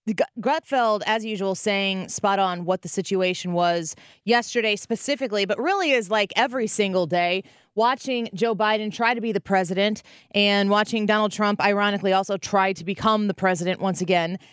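A woman in her thirties hosting a talk radio show, telling stories with animated energy and acting out the quotes. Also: medium pitch, a little fast, clear, resonant tone, dry recording, clean studio sound. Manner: animated storytelling, acts out quotes. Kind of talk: conservative talk radio monologue.

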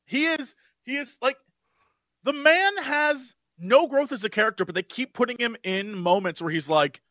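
An excitable man with a very high, bright voice rants through casual podcast chat. His pitch swings widely as he acts out scenes, and the close mic sounds dry. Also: normal speed, no echo. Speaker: podcast co-host.

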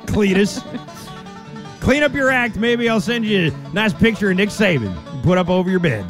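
A loud, high-pitched country bumpkin , put on by a man blusters in a broad drawl. He scolds and rants like an over-the-top small-town father phoning a sports show. Faint music plays underneath. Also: expressive, moderate pace. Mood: scolding. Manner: exaggerated drawling yokel bluster. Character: folksy redneck Southern father and caller, man.

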